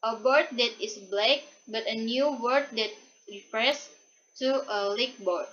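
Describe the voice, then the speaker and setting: Young woman student, reading a class presentation, unhurried and halting, bright and slightly high voice. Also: a little hiss or hum. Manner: reads a prepared script haltingly, with repeated restarts. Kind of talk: read-aloud class presentation. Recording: dull lo-fi recording.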